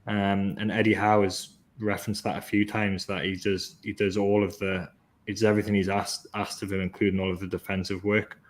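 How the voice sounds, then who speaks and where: A man with a somewhat low voice hosting a football podcast. He breaks down play in a measured, analytical way. His enthusiasm keeps coming through. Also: flat delivery. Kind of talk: casual football podcast chat.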